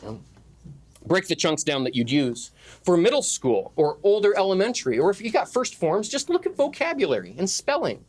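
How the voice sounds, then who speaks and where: A man's voice: sits high, big pitch swings, moderate pace. A middle-aged man teaching a conference session on Latin poetry, joking with the room and chanting the beats of the meter aloud. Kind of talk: lively classroom lecture. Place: conference classroom.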